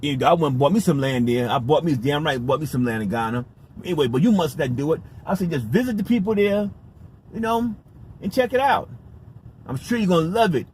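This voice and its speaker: A man tells a story casually, circling back and repeating his points with emphasis and the odd curse. His voice sits a bit high for a man. A faint background noise runs under the recording. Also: a little fast, a little mellow. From United States. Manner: rambling, emphatic, profane, repeats himself. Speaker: vlogger.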